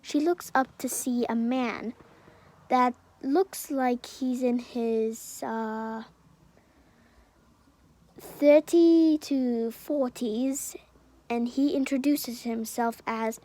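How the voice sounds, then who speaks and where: A woman's voice: on the high side, drawn-out words, warm tone. Hesitant woman narrating a fan story. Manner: hesitant, many fillers and self-corrections. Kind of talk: improvised fan-fiction narration.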